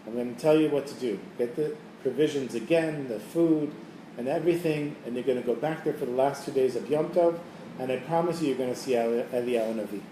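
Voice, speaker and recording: A middle-aged man tells stories to a group in a loose, casual way, slipping into the voices of his characters as he goes. His tone is mellow and low in brightness. He is recorded from some distance in a roomy, echoing space with a faint hum behind him. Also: fairly quick. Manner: casual, animated storyteller who acts out quoted voices. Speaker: teacher leading a holiday preparation class. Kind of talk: storytelling talk to a group. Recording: echoey room, mic at a distance, faint background noise.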